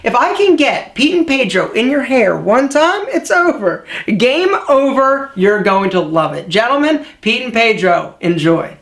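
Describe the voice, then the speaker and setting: A man, a style vlogger giving energetic advice straight to the camera and acting out quotes in shifting voices. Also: extremely high pitch, a little slow, gravelly, hardly any pauses.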